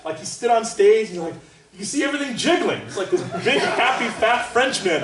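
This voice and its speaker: A man, a trumpet soloist, teaching a master class in an animated, chatty way and laughing often. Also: sits high, a little fast. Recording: roomy hall from far off, faint noise.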